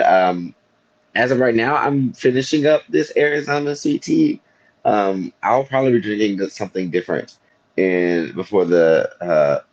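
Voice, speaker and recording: Deep-voiced male co-host, playful rambling chatter, dull lo-fi sound. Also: darkish tone. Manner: playful, rambling, joking asides. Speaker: podcast co-host. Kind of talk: casual chat. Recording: muffled lo-fi audio.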